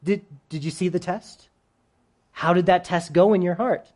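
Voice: medium pitch, normal speed, darkish tone. Conversational, joking preacher. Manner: conversational, humorous, asks the congregation questions. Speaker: pastor. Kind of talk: sermon.

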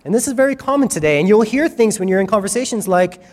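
A man preaching a sermon in a conversational, animated way, acting out quoted voices. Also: sits high, fast, few pauses. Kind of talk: sermon teaching. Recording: reverberant hall.

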